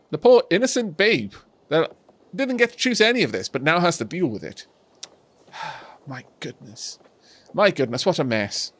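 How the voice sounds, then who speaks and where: A man's voice: medium pitch, a bit bright, husky. A Welsh man chatting casually to his live-stream audience while playing a strategy game, rambling along with many restarts.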